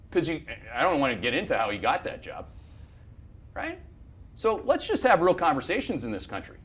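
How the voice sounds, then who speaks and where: A man's voice: a little high, wildly swooping pitch, brisk, a bit bright. A man hosting a market commentary show, talking bluntly and heatedly, swearing and restarting his sentences as he rants through charts. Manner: fired-up, blunt ranting with profanity and repeated restarts. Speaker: investment firm CEO hosting a market show.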